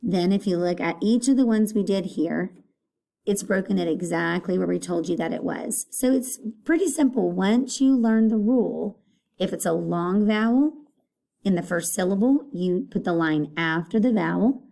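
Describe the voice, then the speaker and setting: A woman teacher giving a recorded phonics lesson, patient and repeating each word clearly. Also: mid-range voice, lively intonation, moderate pace, mellow.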